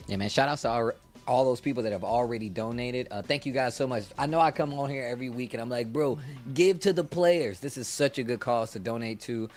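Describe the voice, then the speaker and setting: A man's voice: medium pitch, fairly even intonation, fast talker. Man, esports caster, casual slang, hyped, faint music. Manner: hyped, casual slang, gives shout-outs. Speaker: commentator. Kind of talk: esports commentary.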